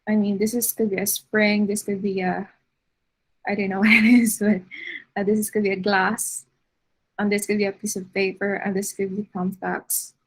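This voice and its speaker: A woman giving an art lecture over slides, unhurried, with frequent fillers and restarts. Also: mid-range voice, level tone, low-quality recording.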